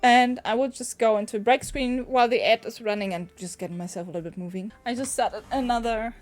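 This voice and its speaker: Streamer: sniffly woman, friendly rambling talk to chat, fairly high voice, soft music under. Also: steady tone, fast. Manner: chatty and rambling, talks to chat. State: sniffly, getting a cold. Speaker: game streamer. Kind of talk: casual livestream commentary.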